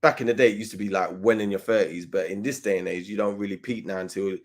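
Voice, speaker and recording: A man's voice: fairly low pitch, steady tone, fast. A middle-aged man hosting a casual football talk show, emphatic and slangy, swearing freely. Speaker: host.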